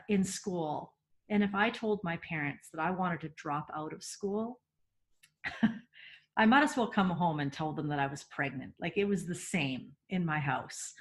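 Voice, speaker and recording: A woman's voice: lowish voice, lively intonation, a little slow, fairly bright tone. Earnest middle-aged woman giving a parenting webinar. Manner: earnest and emphatic, laughs often, repeats words.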